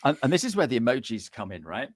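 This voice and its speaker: A middle-aged man, a guest chatting casually on a podcast and telling cheeky, animated stories. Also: mid-range voice, fast talker. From England. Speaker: guest, business coach.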